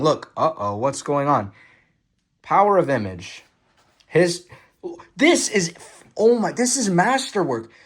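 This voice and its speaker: A young man giving casual, excited commentary on film stills, swearing freely and full of fillers and restarts. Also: a little high. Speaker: vlogger reviewing a film photo book. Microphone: phone.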